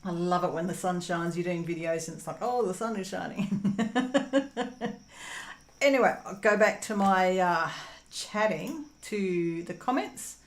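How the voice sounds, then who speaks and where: A woman's voice: on the low side, expressive, unhurried, roomy sound. A young Australian woman casually chatting through viewer comments while crafting at home, rambling with lots of ums and laughs. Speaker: crafting channel host. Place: home room while diamond painting.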